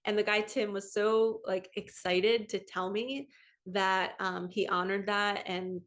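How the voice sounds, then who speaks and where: A woman vlogger and spiritual coach telling a personal story to camera from home. She is chatty and excitable, and she keeps reenacting what other people said. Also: medium pitch, slow. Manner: chatty and excitable, quoting others in lively retellings.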